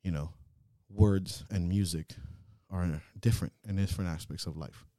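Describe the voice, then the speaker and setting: Low voice guy co-hosting a podcast, earnest, gets ranty and loud, dead dry mic. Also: normal speed, no echo. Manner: earnest, swings into loud laughing rants. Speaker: podcast co-host. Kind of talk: casual reflective chat.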